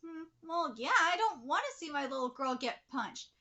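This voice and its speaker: A woman reading a worried but supportive middle-aged father aloud from a manga, in a calm, soft, slightly lowered voice. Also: moderate pace, dull audio, heavily acted. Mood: gentle.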